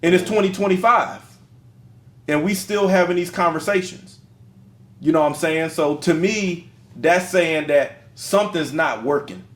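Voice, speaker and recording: A man's voice: fairly high pitch, measured pace. A middle-aged man co-hosting a podcast, telling stories in a casual, slangy and emphatic way. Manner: animated storyteller, slangy and emphatic. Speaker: podcast co-host. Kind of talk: casual conversation. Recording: roomy echo.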